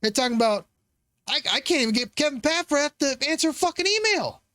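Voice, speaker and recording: A man's voice: very high voice, lively intonation, fairly quick, sharp tone, no room sound. A man hosting a commentary show, reacting to political clips in a profane, sarcastic, rambling rant full of restarts.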